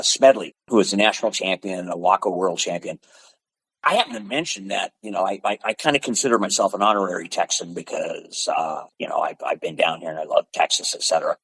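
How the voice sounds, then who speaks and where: Older man, from the Pacific Northwest, lively storyteller, sound-effect punches, dry close sound. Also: low voice, a little fast, breathy edge, no echo, rough recording. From Pacific Northwest, USA. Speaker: podcast guest. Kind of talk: storytelling in conversation.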